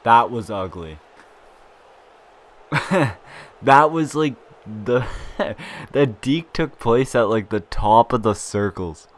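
A young man giving live gameplay commentary for his channel, swinging from low grumbling frustration to loud excited shouting, with frequent swearing. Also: slow pace, pauses often. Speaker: gaming YouTuber.

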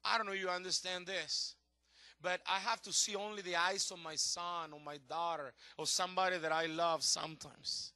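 A middle-aged male pastor preaching a sermon with passion, swinging from shouts to hushed tones, his English a little non-native in grammar. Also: sits high, no echo.

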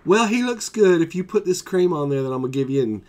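A man's voice: a little high, expressive, fast, a little mellow, voice pushed up, lightly acted. Brief: breezy female vet, as a man puts her on in a raised voice. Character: brisk, breezy female veterinarian.

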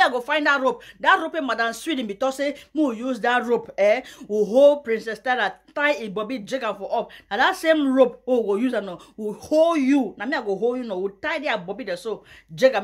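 A young Nigerian woman vlogger giving mocking gossip commentary, often breaking into loud high laughter. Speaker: YouTuber.

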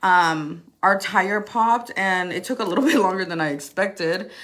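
A woman makeup influencer chatting casually through a live product demo, bubbly, laughing often, swearing playfully and filling pauses with "um". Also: medium pitch, a bit bright.

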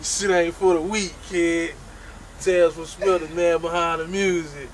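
A man tells a story from his own life in loose, casual talk, animated and full of swearing. His voice sits a bit high for a man, and he breaks into his own mouth sound effects as he goes. A faint hiss runs under the recording. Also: measured pace, low-quality recording.

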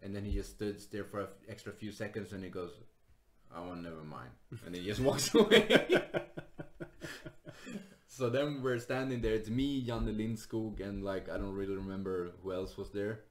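A man's voice: lowish voice, normal speed. A man, a stand-up comedian and podcast guest, telling stories casually, laughing often and acting out other people's voices. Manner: animated, laughs often, acts out voices, swears. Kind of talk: casual storytelling.

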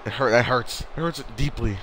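A tired man giving excited, disbelieving play-by-play wrestling commentary with rambling asides. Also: medium pitch, normal speed, slight background noise.

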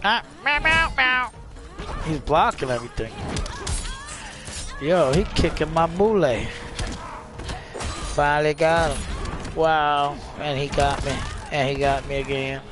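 A playful man gives casual commentary while playing a fighting game. He talks at a slow, unhurried pace, jokes and rhymes with a slightly high voice, and loud game music plays behind him. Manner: playful, breaks into rhymes, meows and sound effects. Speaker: gaming channel host.

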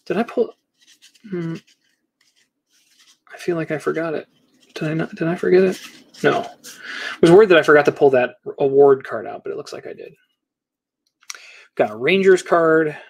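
A man's voice: on the high side, moderate pace, pauses often, a little mellow, husky. Man rattling off baseball card pulls. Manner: rattles off player names while opening packs. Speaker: card-breaking host. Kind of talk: casual live box break commentary.

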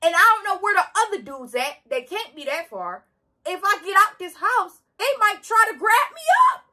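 Animated high-voiced young woman storyteller. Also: slight background noise. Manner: animated, slangy, dramatic retelling. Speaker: vlogger. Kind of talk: casual storytime.

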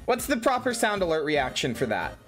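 A woman streamer chatting with her viewers, excitable and giggly, swearing a lot and bursting into shouts. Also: sits low, a little fast, faint music behind. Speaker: VTuber streamer. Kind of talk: casual live-stream chat with viewers.

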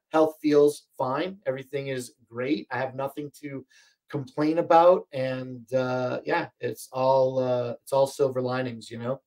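Man, livestream shopping host, casual rambling chat, strained breaking voice, home studio, mic at a distance. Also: mid-range voice. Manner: rambling, chatty, many fillers and restarts. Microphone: desk microphone, more than an arm's length away.

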